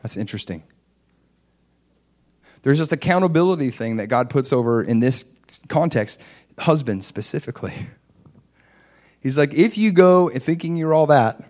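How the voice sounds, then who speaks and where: Middle-aged man preaching in a conversational way. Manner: conversational preaching, telling a personal story; rises in pitch and loudness for emphasis. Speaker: pastor. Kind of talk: sermon.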